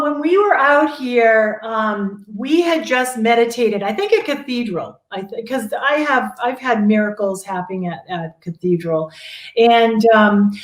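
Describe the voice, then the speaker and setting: Animated woman storyteller, higher voice, echoey room. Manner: animated, laughing, acts out quotes. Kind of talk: casual storytelling chat. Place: Sedona, Arizona.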